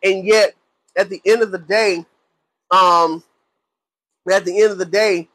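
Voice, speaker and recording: A man's voice: high-pitched, fairly even intonation, a little slow, a bit bright, no echo, poor audio. A man hosting a faith talk show, talking casually and preaching, often repeating himself and acting out angry people. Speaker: host.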